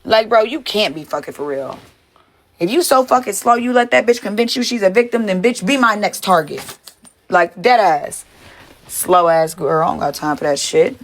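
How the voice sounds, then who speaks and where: A woman's voice: mid-range voice, lively intonation, normal speed, echoey room, poor audio. Profane, heated woman ranting on a livestream. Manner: profane, confrontational, repeats herself. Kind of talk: heated live-stream rant to chat.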